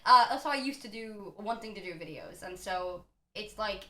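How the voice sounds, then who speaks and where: Bright quick woman streamer guest, animated and sweary, chatting in an echoey room. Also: medium pitch. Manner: animated, swears and laughs often. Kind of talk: casual podcast chat.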